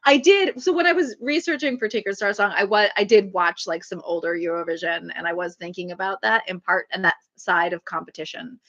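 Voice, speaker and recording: A woman's voice: medium pitch, fairly quick, few pauses, fairly bright tone, dull audio. A woman author chatting casually on a livestream, rambling with lots of fillers and small laughs as she answers viewers.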